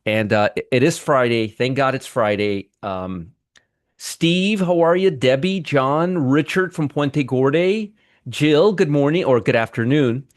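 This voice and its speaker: A man's voice: mid-range voice, measured pace, no room sound, clean studio sound. A middle-aged man hosting a casual trading livestream, rambling and greeting viewers one by one by name, with frequent restarts. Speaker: trading show host.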